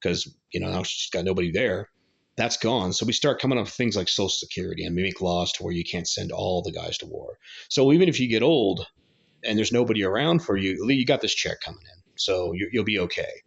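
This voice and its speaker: A man's voice: low-pitched, animated, fairly quick, vocal fry, husky, highs cut off. A man giving a blunt, rambling opinion monologue with coarse language. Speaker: commentary channel host.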